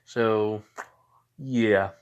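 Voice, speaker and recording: A man's voice: on the low side, fairly even intonation, very slow, smooth, lo-fi sound. Tired young man rambling through a story. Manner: rambling, repeats "basically" and "like", acts out quotes. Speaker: fan storyteller. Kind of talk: casual retelling of an imagined anime adventure.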